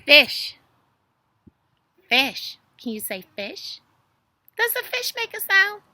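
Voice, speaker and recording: A woman's voice: sits high, very animated, takes it slowly, sharp tone, dry recording. A young woman reading a story and doing animal flashcards for toddlers in a sing-song, exaggerated way. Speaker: children's video host.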